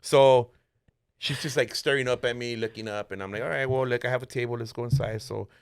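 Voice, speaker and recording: A man's voice: medium pitch, brisk, vocal fry, clean tone, dry recording. A man casually telling a story on a podcast, acting out the quoted lines with sudden jumps in his voice. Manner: animated, acts out quotes in raised voice. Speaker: podcast guest.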